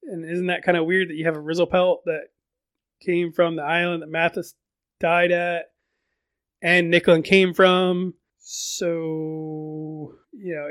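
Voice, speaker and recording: A man's voice: high-pitched, fairly bright tone, no echo. A man casually recapping a fantasy book on his podcast, chatty, often repeating words and adding fillers.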